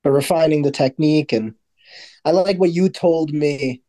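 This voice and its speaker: A man co-hosting a podcast in casual chat, talking in a relaxed, rambling way with lots of "like". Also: a little high, moderate pace. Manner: relaxed, rambling with many "like" fillers. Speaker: podcast co-host.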